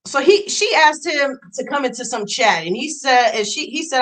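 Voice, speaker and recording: A woman's voice: high-pitched, expressive, moderate pace, a bit bright, low-quality recording. A woman live streamer in a profane, mocking rant, reacting to clips and messages. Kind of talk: ranting commentary.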